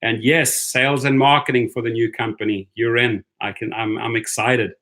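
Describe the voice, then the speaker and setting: A man's voice: mid-range voice, fairly even intonation, moderate pace, fairly bright tone. A middle-aged man with a South African accent, hosting a casual live stream and cheerfully greeting viewers by name. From born in the United States, raised in Europe and South Africa. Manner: chatty, upbeat, greets viewers by name, sings snatches of songs. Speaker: livestream host reading viewer comments.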